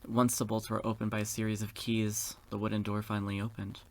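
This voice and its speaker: A man's voice: on the low side, flat delivery, moderate pace, vocal fry. A man hosting a gaming video, reading a visual novel aloud and breaking off for sassy, campy, profane asides.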